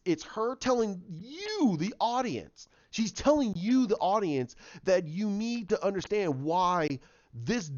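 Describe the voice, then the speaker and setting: Male show recapper, slightly high voice, animated and rambly, dry and muffled mic. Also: no echo. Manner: rambling, animated, acts out scenes with repeated restarts. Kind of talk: casual spoken recap.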